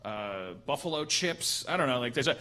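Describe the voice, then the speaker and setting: A man in his forties hosting a comedy podcast, riffing in halting, rambling chat full of restarts. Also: mid-range voice, expressive, pushed and bright. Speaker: podcast host.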